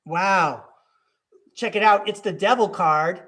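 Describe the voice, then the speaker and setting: A man's voice: high-pitched, takes it slowly, a bit bright. A man hosting a live tarot reading in a casual, upbeat way, encouraging and speaking straight to his listener. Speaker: tarot reader and podcast host.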